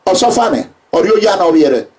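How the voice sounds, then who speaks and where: A Nigerian man giving an emphatic public address, repeating himself and breaking into shouts. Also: high-pitched, big pitch swings, normal speed, distant mic. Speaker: political speaker.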